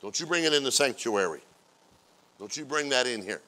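A man preaching as a pastor, acting out everyday scenes in playful quoted voices and building from quiet asides to loud, drawn-out exclamations. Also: mid-range voice, expressive. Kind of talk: sermon.

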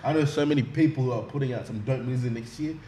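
A young man from Australia hosting a casual podcast conversation, talking in an animated, emphatic way and peppering his lines with "man". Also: mid-range voice, fast. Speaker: podcast host.

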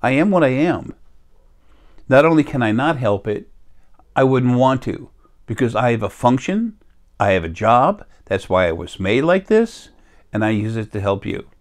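A man's voice: medium pitch, very animated, moderate pace. A man in a rambling, self-interrupting casual monologue as a spiritual healer, recorded on a laptop or phone.

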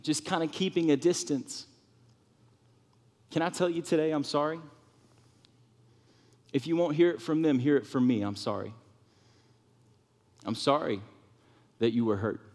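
Guy preaching in a church, voice sits kinda high, long echo off the hall, gets fired up then goes soft. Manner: animated preaching, drops to soft tones for comfort, rises high for emphasis. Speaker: pastor. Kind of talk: sermon. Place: church sanctuary.

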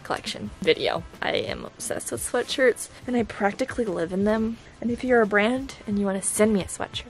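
A woman's voice: medium pitch, expressive, fairly quick, hardly any pauses, roomy sound, faint music behind. A young woman in her twenties chatting casually to camera for her vlog, gushy and giggly. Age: 20s. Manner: bubbly, gushing, giggly. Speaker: vlogger. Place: home, indoors.

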